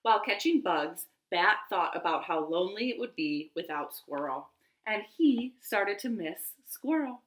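A woman hosting a children's storytime, reading aloud slowly and expressively from her living room. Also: medium pitch. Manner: animated, slow and expressive.

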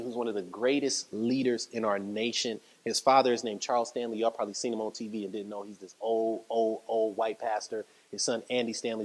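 A man's voice: mid-range voice, breathy edge. A man pastor, preaching a sermon with rising emphasis and repeated phrases. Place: church sanctuary. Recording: long hall reverb.

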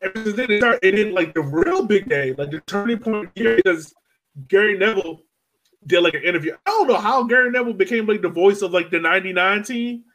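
A man co-hosting a football podcast, telling stories in a loose, slangy, animated way and acting out quotes. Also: sits high, a little fast, poor audio. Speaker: podcast co-host. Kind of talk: casual chat.

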